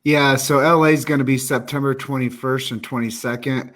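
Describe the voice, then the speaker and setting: A man's voice: medium pitch, steady tone, fairly quick, a bit bright. A man hosting a live stream, speaking earnestly and upbeat, addressing viewers directly. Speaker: live show host. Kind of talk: casual live-stream chat.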